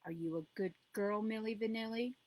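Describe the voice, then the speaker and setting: A woman's voice: fairly high pitch, brisk, lightly acted. A woman reading a storybook aloud and voicing a cruel, abusive mother who snarls her lines. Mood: vicious. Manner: harsh, snarling and loud. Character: cruel drug-addicted mother, shrieking and abusive. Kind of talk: audiobook reading.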